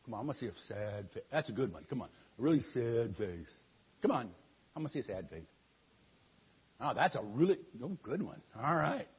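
Brief: husky-voiced male storyteller, playful, high and lively pitch, kids' sermon. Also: brisk. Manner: playful, chatty, addresses children. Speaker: children's Bible storyteller. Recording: muffled lo-fi recording.

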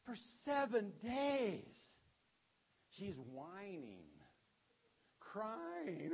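A man, a pastor, telling a playful, animated Bible story to children. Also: on the high side, slow, highs cut off, slight background noise.

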